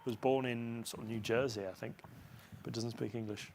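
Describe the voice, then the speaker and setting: A man's voice: medium pitch, steady tone, creaky, a little mellow, a little hiss or hum. A man hosting a live football chat show, talking casually with co-hosts and jumping into match commentary. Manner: chatty, quick to jump into commentary.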